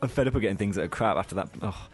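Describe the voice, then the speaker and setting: A man's voice: on the low side, rapid-fire, husky. A man co-hosting a casual podcast, rambling, self-mocking and full of ums and little laughs. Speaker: podcast co-host. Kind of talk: casual chat.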